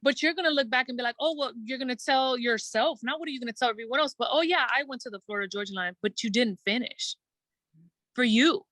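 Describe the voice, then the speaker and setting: A woman guest in a casual interview, telling her story earnestly and quickly, acting out her own thoughts and using many "like" fillers. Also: on the high side, sharp tone, dry recording. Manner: earnest, fast storytelling with quoted self-talk and many "like" fillers. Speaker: guest entertainer.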